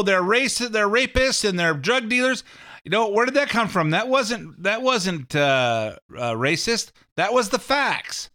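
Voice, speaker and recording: A man's voice: high-pitched, pushed and bright. A man hosting a talk show, rambling sarcastically through political commentary. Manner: rambling, sarcastic, mimics catchphrases.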